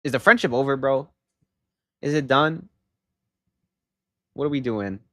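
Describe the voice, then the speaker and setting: A young man chatting casually on a livestream, telling a story in an animated way and rising into loud exasperation. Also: medium pitch, unhurried, no room sound, studio quality. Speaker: live streamer.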